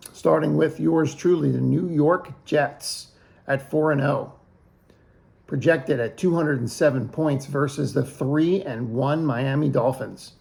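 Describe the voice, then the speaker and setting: A man's voice: a little high, vocal fry, a little mellow. A middle-aged man hosting a fantasy football league preview in a casual, jokey way, rattling off picks and projected points.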